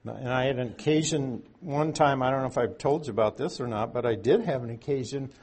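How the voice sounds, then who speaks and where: A man's voice: medium pitch, a little fast, darkish tone, slightly rough. A man teaching through Bible verses in a conversational way, with folksy asides and strong emphasis on key words.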